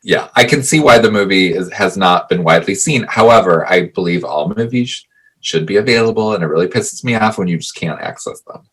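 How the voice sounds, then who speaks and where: A man's voice: deep voice, animated, a little fast, fairly bright tone, breathy edge. A man co-hosting a podcast, earnestly sharing opinions about a film in casual talk. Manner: earnest, opinionated, restarts mid-thought. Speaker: podcast co-host.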